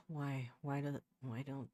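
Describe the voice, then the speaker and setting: A male streamer talks his way through his work in a slow, unhurried way, muttering half to himself and trailing into exasperated restarts. The sound is dry and close, with no room around it. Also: mid-range voice, flat delivery, a little mellow, no echo. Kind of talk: casual livestream chat while working. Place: home setup.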